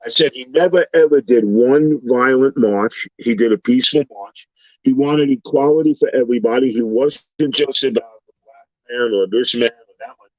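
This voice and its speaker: Here a man sits as a guest on a laid-back panel, telling stories animatedly and mimicking the voices of folks he's met. He speaks at an average speed in a middle-range pitch. There's no echo; the recording comes across dry with a slightly muffled, low-fidelity quality.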